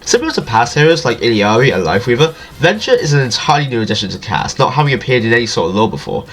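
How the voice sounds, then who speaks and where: Man, nasal and stuffed up, fast-talking jokey game-guide narrator. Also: medium pitch, very animated, fairly bright tone. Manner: jokey and self-deprecating. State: stuffy from allergies. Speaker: video game guide creator. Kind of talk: scripted gaming guide voice-over.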